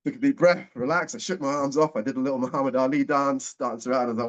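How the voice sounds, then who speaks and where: A man around forty, a guest speaker telling a personal story in a lively way and acting out what people said. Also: medium pitch, very fast, few pauses. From England. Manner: lively storyteller, acts out the dialogue. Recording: dull, muffled audio.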